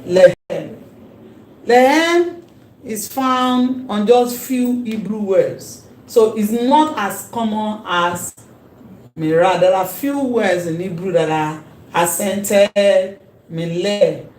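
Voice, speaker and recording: A woman teaching a Hebrew lesson, speaking deliberately and repeating key words so learners can follow. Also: medium pitch, a little mellow. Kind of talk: recorded language lesson. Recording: roomy echo, faint background hum.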